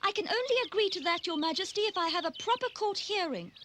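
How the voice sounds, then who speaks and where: A woman's voice: extremely high pitch, lively intonation, quick pace, bright, forceful tone, slight background noise, full character voice. A woman voicing a brave, polite young girl in a cartoon dub, earnest and direct.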